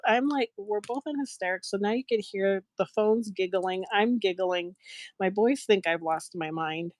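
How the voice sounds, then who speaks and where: A middle-aged woman hosting a live shopping show, telling a story in a casual, animated, giggly way and acting out the voices she quotes. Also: mid-range voice, no room sound.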